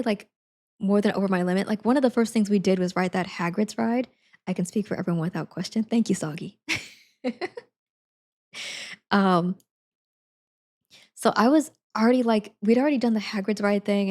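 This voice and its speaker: A young woman live streamer chats casually with her viewers. She rambles through her stories with plenty of giggles and filler words. Her pitch sits in an ordinary middle range for a woman. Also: moderate pace, darkish tone.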